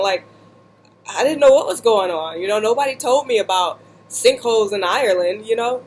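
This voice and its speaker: A woman vlogger telling a humorous personal story while seated indoors, animated and slipping into voices and asides. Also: mid-range voice, normal speed, a little hiss or hum.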